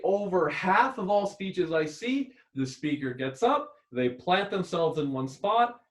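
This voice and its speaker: A man lecturing as a public speaking instructor who keeps shifting his volume and tone to sound expressive. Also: sits high. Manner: expressive, constantly varying volume and tone. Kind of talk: recorded lecture. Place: rented room used as a classroom. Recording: echoey room.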